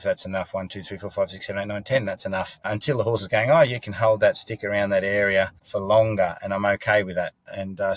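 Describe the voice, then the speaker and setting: A man's voice: lowish voice, dry recording. A middle-aged man explaining horse training, earnest and emphatic, often restarting words and checking in with "okay?". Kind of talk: spoken training advice.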